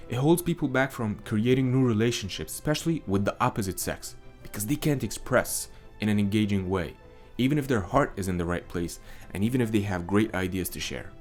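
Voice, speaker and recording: A man teaching as a voice coach in a scripted monologue, stressing key words with big rises and falls. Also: fairly low pitch.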